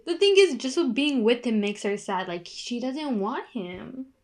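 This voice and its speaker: A woman's voice: on the high side, animated, unhurried, darkish tone. A young woman chatting casually in a reaction video, recapping in long rambling runs and getting worked up as she watches. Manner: gets worked up and indignant while watching.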